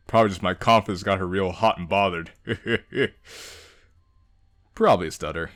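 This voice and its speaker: A man's voice: low-pitched, normal speed, dry recording, studio quality. A young adult man hosting a let's play, reading a visual novel aloud and joking, laughing often. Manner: animated, laughs often, reads and jokes. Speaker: gaming channel host.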